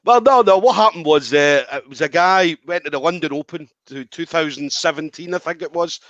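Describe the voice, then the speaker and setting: A man's voice: fairly high pitch, fairly quick, no room sound. A man hosting a podcast, telling a story in casual chat and acting out the quoted lines. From Scotland. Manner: animated, acts out quoted lines, swears freely. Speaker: podcast host. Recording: dry, slightly dull audio.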